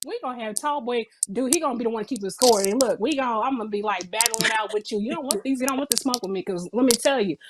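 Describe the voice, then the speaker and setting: Playful, teasing woman host, casual chat, pitched a bit high. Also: quick pace, few pauses, background noise. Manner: playful, teasing, laughs often. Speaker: show host.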